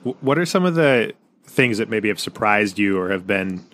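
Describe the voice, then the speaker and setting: A man's voice: on the low side, animated, normal speed, fairly bright tone. A man from the Pacific Northwest hosting a podcast, easygoing and affable, who stammers a little at the start of his sentences. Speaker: podcast host. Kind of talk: casual interview chat.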